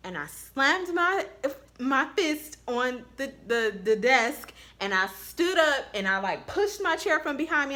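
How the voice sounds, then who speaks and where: Blunt, bright-voiced woman nurse vlogging. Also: high-pitched, very animated, measured pace, hardly any pauses. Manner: blunt, candid storytelling with profanity; speaks straight to viewers. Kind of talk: casual advice vlog.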